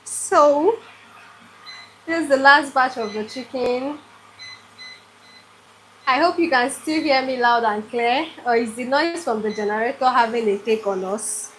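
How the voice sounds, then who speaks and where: A Nigerian woman hosts a live cooking stream from her home kitchen, speaking in a high voice at a measured pace with long pauses. She talks straight to her viewers in an effusive way while a generator runs behind her, and a little hiss or hum is audible.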